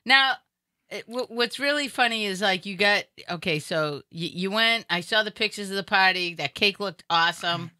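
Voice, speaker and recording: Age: unknown. Sex: woman. Role: talk show host. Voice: bright, dry and close. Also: medium pitch, moderate pace, no echo. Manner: chatty, joking, blunt. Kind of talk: casual comedic chat.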